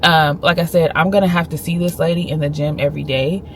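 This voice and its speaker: A woman in her thirties tells a personal story straight to the camera in a low, steady voice. She talks earnestly and with emphasis, recounting what was said. A faint hum of ambience runs underneath. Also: fast. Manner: earnest and emphatic, retelling a conversation. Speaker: vlogger. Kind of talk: casual storytelling vlog.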